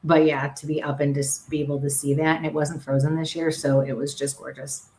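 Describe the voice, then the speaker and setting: A woman's voice: low-pitched, brisk, slight background noise. A woman from Western New York with a local accent, co-hosting a casual livestream chat and telling stories with lots of laughter. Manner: animated storyteller, laughs often, acts out voices. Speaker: co-host. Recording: echoey room.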